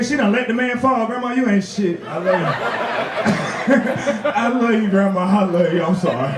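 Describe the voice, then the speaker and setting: A male stand-up comedian performing a loud, animated, profane set and often laughing at his own jokes. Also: extremely high pitch, far from the mic. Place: comedy club stage with a live audience. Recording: echoey club recorded from afar, loud crowd.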